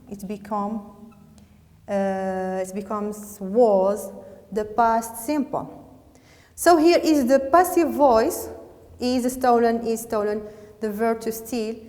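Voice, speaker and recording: A woman with a Moroccan accent teaching English grammar to a class. She talks slowly and deliberately, repeats words and slips into French now and then. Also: fairly high pitch, dark tone, big-room sound, a little hiss or hum.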